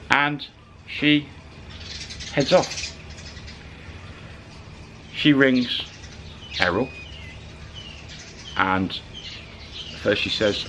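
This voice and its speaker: A man casually retelling a story to camera, animated and colloquial, slipping into the voices of the people in it. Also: medium pitch, drawn-out words, long pauses, slight background noise. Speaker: channel storyteller.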